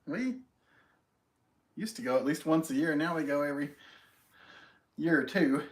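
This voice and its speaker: A man's voice: a little high, moderate pace. Friendly man hosting a casual live stream. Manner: friendly, greets viewers by name, self-deprecating. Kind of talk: casual chat reading viewer comments.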